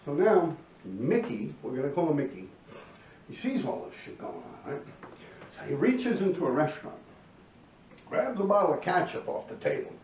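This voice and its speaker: A middle-aged man tells a street story in a casual, profane, animated way, often clearing his throat. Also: fairly high pitch, moderate pace, pauses often, a little hiss or hum. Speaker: graffiti writer telling a story. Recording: roomy, distant, dull lo-fi mic.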